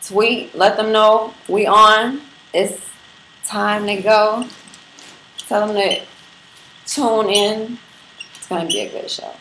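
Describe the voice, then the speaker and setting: Taking it slowly with long pauses, this livestream host speaks in a mid-range, slightly bright voice with fairly even intonation. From her echoey Brooklyn apartment, with faint background noise, she talks to viewers in a brash, profane, playful manner.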